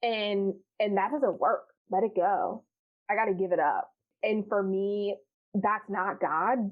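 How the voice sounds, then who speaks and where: A woman's voice: medium pitch, measured pace. Woman guest, blunt and profane, laughs a lot, plays out her old self; tinny phone-line sound. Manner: frank, profane, laughs often, acts out her past self. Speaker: podcast guest. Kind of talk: candid casual chat.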